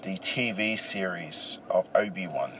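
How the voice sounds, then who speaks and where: A man's voice: low voice, unhurried, a bit bright. A man in his thirties, a podcast co-host, tipsy and rambling as a passenger, with crude jokes. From Australia. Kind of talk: casual chat as a passenger. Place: inside a moving car. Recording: car with faint road noise.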